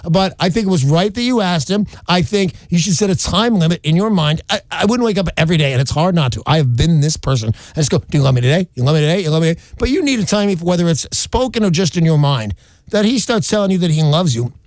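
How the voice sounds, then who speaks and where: A man's voice: high voice, lively intonation, quick pace, darkish tone, no room sound. A middle-aged man hosting a morning radio advice segment, blunt and emphatic with a joking edge. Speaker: radio host giving life advice.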